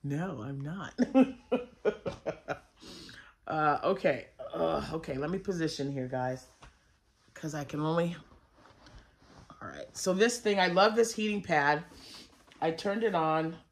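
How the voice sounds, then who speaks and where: A woman's voice: sits low, animated, takes it slowly, pauses often. Chatty woman vlogger rambling about crochet. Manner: chatty, rambling, with frequent fillers and restarts. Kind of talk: casual chat.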